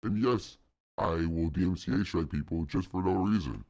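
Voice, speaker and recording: A streamer putting on a gravelly, smug game-dev voice. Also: male voice, normal speed, a little mellow. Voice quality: exaggerated deep gravelly impression voice. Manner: boastful, self-satisfied. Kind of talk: mock impression on a live stream.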